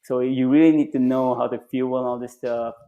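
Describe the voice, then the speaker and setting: A man guest on a podcast, a retired Navy SEAL and triathlete, telling stories casually with loose phrasing and lively acted-out quotes. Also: a little fast, highs cut off. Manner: animated, acts out quoted voices with jumps in pitch; loose phrasing with frequent restarts and fillers. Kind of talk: casual storytelling in conversation.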